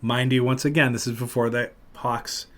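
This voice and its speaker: A man hosting a podcast, telling a long story in casual chat and loudly acting out what people said. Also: medium pitch, moderate pace. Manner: animated, acts out loud quotes of other people. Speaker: podcast host.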